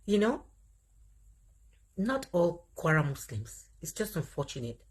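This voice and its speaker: A Nigerian woman hosting a livestream, commenting in an animated way and reading out viewer comments as she speaks straight to her audience. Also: lowish voice, slow pace, pauses often, slightly rough. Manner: animated, talks straight to viewers, laughs often. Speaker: livestream host.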